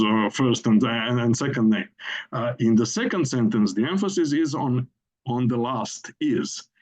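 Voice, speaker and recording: A man giving an academic lecture, speaking haltingly with frequent fillers and self-corrections, thinking aloud as he explains. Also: medium pitch, darkish tone, poor audio.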